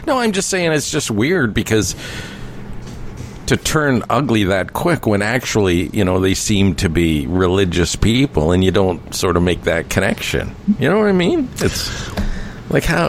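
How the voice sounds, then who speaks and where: A man's voice: fairly low pitch, big pitch swings, a little slow, a little hiss or hum. A man hosting a casual chat, reacting with short interjections and questions.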